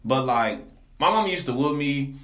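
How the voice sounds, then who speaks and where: A man's voice: normal speed, echoey room. A young man, hosting a podcast and telling stories in a slangy, laid-back casual chat. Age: young adult. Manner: laid-back slangy storytelling, voice jumps high when animated. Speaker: podcast host.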